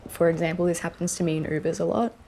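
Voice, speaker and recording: A woman's voice: on the low side, steady tone, fast, dark tone, a little hiss or hum. A young woman sharing a candid, reflective testimonial that is full of "like" and "um". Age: young adult. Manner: reflective, many "like" and "um" fillers. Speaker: interviewee.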